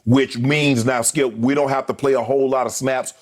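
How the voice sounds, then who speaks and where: A man co-hosting a sports debate show, talking casually with slang and acting out quotes in a lively way. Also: medium pitch, normal speed.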